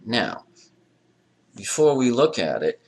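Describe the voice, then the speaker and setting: A man's voice: medium pitch, wildly swooping pitch, slow pace, creaky, husky. A man teaching a language lecture, drilling pronunciation aloud and dropping wry jokes. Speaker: Arabic teacher. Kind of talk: recorded classroom lecture.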